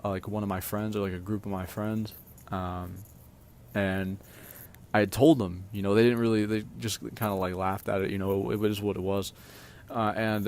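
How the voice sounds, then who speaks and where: A man telling personal stories casually, hesitant and full of fillers and restarts. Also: on the low side. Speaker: storyteller. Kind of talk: casual storytime vlog.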